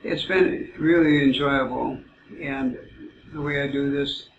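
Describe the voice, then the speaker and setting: A man telling rambling personal stories in a halting way, full of "uh" fillers. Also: mid-range voice, steady tone, creaky. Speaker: self-described psychic telling stories. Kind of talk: casual storytelling. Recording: roomy, muffled, noisy amateur recording.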